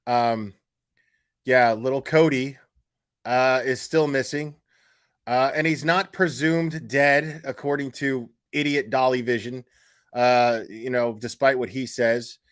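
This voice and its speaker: A man's voice: mid-range voice, fairly even intonation, slow pace. A man hosting a casual commentary stream, talking bluntly with lots of fillers, restarts and swearing, sounding exasperated. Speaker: YouTube commentary host.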